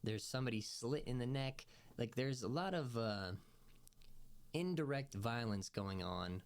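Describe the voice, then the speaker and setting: A man's voice: mid-range voice, animated, measured pace. A man giving a casual movie review, rambling with many fillers and restarts. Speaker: film reviewer.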